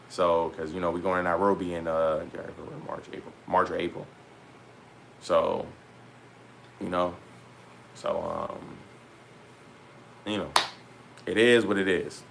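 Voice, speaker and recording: A man talking casually to his viewers as a vlogger, loose and rambling with slang and frequent pauses. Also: low-pitched, fairly even intonation, creaky, a bit bright, slight background noise. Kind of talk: casual talk to camera.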